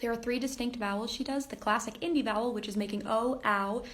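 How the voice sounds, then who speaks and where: A woman's voice: on the high side, steady tone, brisk, a bit bright. A woman explaining step by step, in an upbeat and chatty way, how to sing like pop singers. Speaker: singer and impressionist. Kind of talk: casual singing tutorial.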